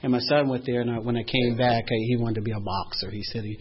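A man telling a personal story, animated and swinging from loud to hushed. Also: medium pitch, quick pace, lo-fi sound, a crowd in the background.

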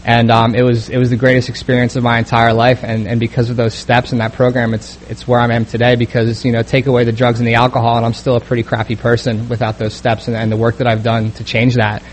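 Young man with a flat, halting voice. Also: mid-range voice, a little hiss or hum. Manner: halting, many fillers and restarts. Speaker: speaker sharing a recovery story. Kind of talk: personal testimony.

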